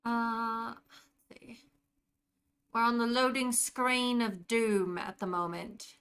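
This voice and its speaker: A woman's voice: on the high side, steady tone, slow, a bit bright, smooth. A young woman streaming a game, chatting casually and answering her viewers by name as she reads the chat.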